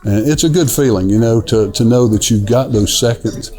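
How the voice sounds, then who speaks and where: A middle-aged man, a restaurant owner telling stories in a relaxed, rambling way with lots of fillers, inside a dim restaurant. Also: medium pitch, normal speed, soft background music. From Newport, Tennessee. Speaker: restaurant owner, son of the founder. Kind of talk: casual storytelling interview.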